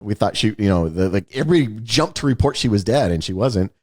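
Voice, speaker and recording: A man's voice: fairly low pitch, fast talker. A man co-hosting a podcast in casual chat, telling stories and acting out the voices of the people he quotes. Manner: animated storyteller, acts out quotes. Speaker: podcast co-host.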